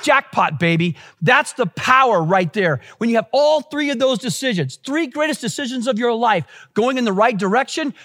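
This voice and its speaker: A man with a high voice preaching a sermon. He exhorts the congregation, repeats his key phrases for emphasis and keeps asking them questions as he goes. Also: fairly bright tone. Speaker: pastor.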